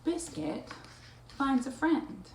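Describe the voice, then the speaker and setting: Animated woman reading storybooks aloud. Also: sits high, takes it slowly. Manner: animated, playful, with animal sounds. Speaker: storytime reader. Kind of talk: reading picture books aloud to a child. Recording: echoey room, faint noise.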